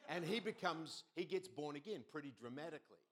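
A middle-aged man preaching a sermon as pastor, telling stories with lively quoted voices. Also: on the high side, a little fast. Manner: animated storytelling with quoted voices.

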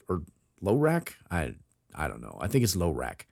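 Low-voiced man reading a folk tale. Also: wildly swooping pitch, slow pace, creaky, long pauses, no room sound, studio quality. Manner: reads aloud with theatrical voices for quoted characters. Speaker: podcast co-host. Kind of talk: casual chat and reading a folk tale aloud.

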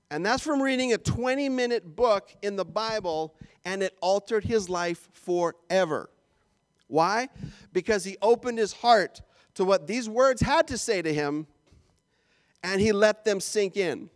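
A man from Canada preaching a sermon as pastor, animated and jokey with playful asides. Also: high-pitched, a little slow, dry recording, studio quality.

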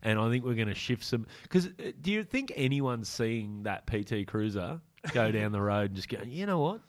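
An Australian man with a fairly low voice hosting a casual podcast interview. He teases his guest, riffs on little bits and laughs a lot. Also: moderate pace. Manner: jokey, teasing, laughs often. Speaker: podcast host.

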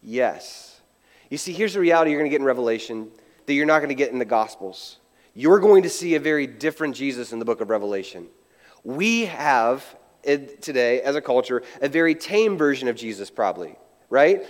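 A man's voice: medium pitch, expressive, brisk, long reverb tail. A male pastor preaching in a conversational way, acting out quotes and restarting his sentences. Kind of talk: sermon.

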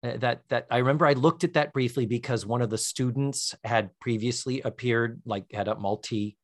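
A man co-hosting a podcast, recapping a sitcom in casual chat as an animated storyteller. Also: moderate pace. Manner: animated storyteller, sing-song pitch swings. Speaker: podcast co-host.

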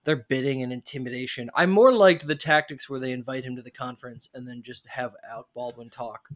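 A man's voice: mid-range voice, brisk. A man hosting a casual movie discussion, rambling with many fillers and restarts.

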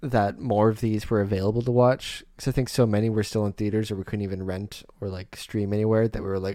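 A man's voice: on the low side, level tone, fast talker, few pauses, dark tone, no room sound, clean studio sound. A young man co-hosting a podcast, chatting casually and laughing often. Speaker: podcast co-host. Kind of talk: casual chat.

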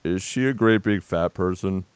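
A man doing a slow, mumbling impression of an actor, lower and quieter than his usual voice. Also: clean tone, no echo, natural voice.

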